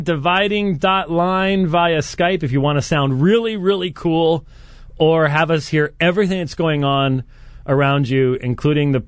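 Halting man hosting a call-in show. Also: mid-range voice, dry recording. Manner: halting, many restarts and fillers, chuckles often. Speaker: radio show host. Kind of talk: call-in radio talk.

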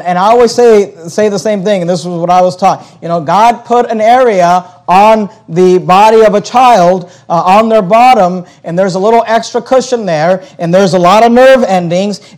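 A man's voice: high-pitched, darkish tone. A pastor preaching a sermon in a conversational way, often stumbling and restarting his phrases.

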